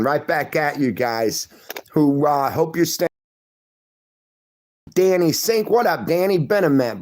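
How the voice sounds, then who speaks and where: A middle-aged man hosting a livestream, reading viewer comments and greeting each person by name in a casual, friendly chat. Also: medium pitch. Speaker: livestream host.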